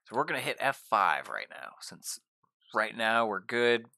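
A young man giving casual gameplay commentary, gushing excitedly and talking straight to his viewers. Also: medium pitch, measured pace, vocal fry, no room sound, studio quality. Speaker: gaming YouTuber.

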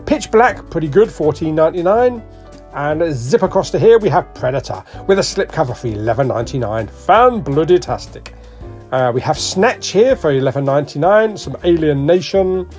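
A man's voice: on the high side, brisk, faint music behind. Chatty British man listing prices. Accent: British English. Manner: chatty, jokey, lively, ticks off titles and prices. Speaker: vlogger. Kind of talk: casual shop walk-through commentary.

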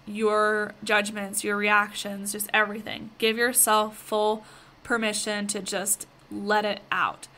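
A woman's voice: medium pitch, sharp tone. A woman hosting a spiritual podcast, talking casually and directly to her listeners, with lots of fillers. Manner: chatty, filler-heavy, addresses listeners directly. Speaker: podcast host.

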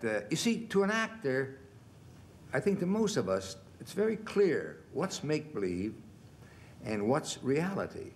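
A man in his sixties, a film actor as a television interview guest, telling stories in a lively way and acting out the quotes. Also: mid-range voice. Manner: animated storyteller, acts out quotes, chuckles. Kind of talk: relaxed anecdotal storytelling. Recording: faint background noise, 1970s television interview.

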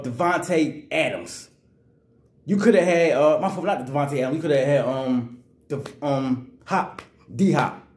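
A man's voice: fairly high pitch, darkish tone, roomy sound. Angry man ranting about football. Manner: angry, repetitive, slangy. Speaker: sports vlogger. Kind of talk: fired-up sports rant.

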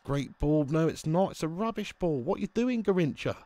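A young man streaming a football video game, excitedly commenting, swearing at his players and greeting viewers in chat. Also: fairly high pitch, brisk, dry recording. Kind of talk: live game commentary and chat shout-outs.

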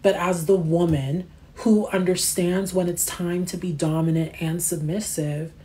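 Woman livestreaming, kinda low voice, slangy and animated, chatting back at the comments. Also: unhurried. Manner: slangy, animated storytelling that answers chat comments. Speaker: livestream host. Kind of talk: casual livestream chat.

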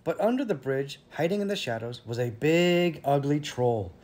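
A man reading a fairy tale aloud to children, with lively, expressive delivery. His voice sits a little high. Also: moderate pace. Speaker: storyteller.

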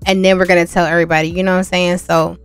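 A woman's voice: lowish voice, little pitch movement, rapid-fire, clear, resonant tone, dry recording, faint music behind. A young woman giving casual, chatty gameplay commentary, talking straight to her viewers with exasperated asides. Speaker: gameplay vlogger.

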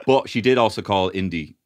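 A middle-aged man, co-hosting a comedy podcast in casual chat and rambling with many fillers as he searches for words. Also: on the low side. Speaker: podcast co-host.

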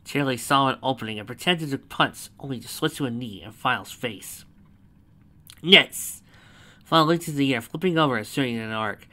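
A man's voice: medium pitch, fast, few pauses, pushed and bright. A man reading a fanfiction story aloud, adding chatty asides between the narration.

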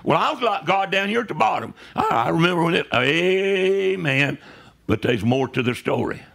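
A man preaches a sermon in a loose, conversational way, often pausing to check in with his congregation. His voice sits a little high and has a gravelly edge. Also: sing-song, fairly bright tone. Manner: conversational preaching with frequent "right?" asides. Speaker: pastor. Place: church sanctuary.

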